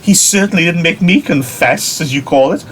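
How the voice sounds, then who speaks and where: A man's voice: a little high, normal speed, fairly bright tone, slight background noise, voice pushed up, lightly acted. A man reading as a haughty snobbish mother. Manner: prim, superior. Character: haughty snobbish middle-aged mother, upper class.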